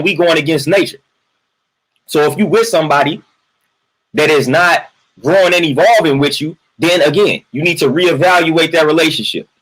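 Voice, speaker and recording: His voice is on the high side, a bit bright and slightly rough, captured in a low-quality recording. Hosting a livestream, the man rants casually, hammering his points again and again, ending lines with "man," and saying hello to chat viewers in between.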